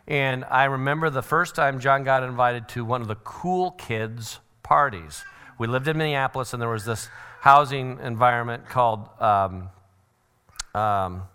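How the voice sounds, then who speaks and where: A middle-aged man giving a church parenting seminar, animated and joking, often acting out what other people say. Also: medium pitch, unhurried, smooth. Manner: animated, acts out quoted voices. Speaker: seminar speaker.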